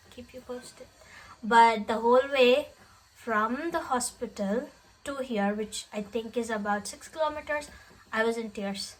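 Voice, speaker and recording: A young woman talking straight to the camera in a relaxed vlog. Her voice sits a little high, and she tells her story in a chatty, emotional way with bits of laughter. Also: low-quality recording. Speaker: vlogger.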